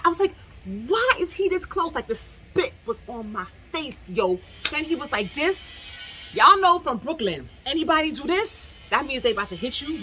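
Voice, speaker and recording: Lively, bright-voiced American woman vlogger. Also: mid-range voice, a little hiss or hum. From United States. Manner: animated, emphatic, often addresses viewers as "y'all". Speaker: travel vlogger. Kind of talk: casual storytelling to camera.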